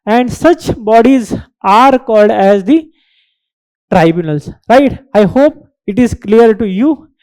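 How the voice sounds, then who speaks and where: A woman teaches an exam-prep lesson at an unhurried pace. Her voice is mellow and dark-toned. She stresses key terms, repeats them, and keeps asking "right?" to check that her listeners follow. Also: on the high side, lively intonation. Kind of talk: current affairs lecture.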